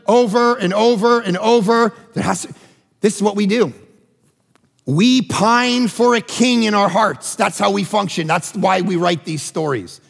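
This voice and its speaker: A man preaching a sermon as pastor, animated and acting out voices in his stories. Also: very high voice, creaky. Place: church auditorium. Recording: large hall with long reverb.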